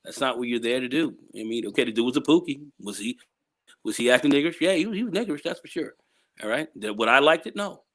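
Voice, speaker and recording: A male guest speaks in a loose, rambling way, piling up "you know"s between his points. His voice sits at an ordinary middle pitch. The talk is casual and unscripted. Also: lively intonation, fast talker, a bit bright. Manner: rambling, repeats "you know", acts out quoted people. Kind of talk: casual discussion.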